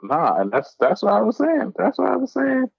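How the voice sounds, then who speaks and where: Excitable man on a dull, dry mic. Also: moderate pace, vocal fry, husky, no room sound. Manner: excitable, swoops in pitch, casual slang. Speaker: podcast co-host. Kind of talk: casual sports chat.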